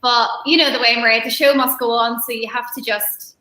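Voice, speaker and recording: A woman guest telling stories in a relaxed chat, laughing often. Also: on the high side, brisk, reverberant, rough recording. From Ireland. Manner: chatty storyteller, laughs often. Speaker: guest musician. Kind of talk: casual chat on a live stream.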